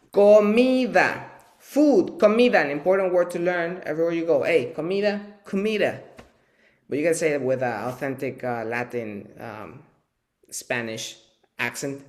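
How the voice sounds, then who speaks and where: A man teaching a live bilingual Spanish lesson, running slow vocabulary drills where he calls out words for viewers to repeat, with chatty asides in between. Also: a little high, a little mellow.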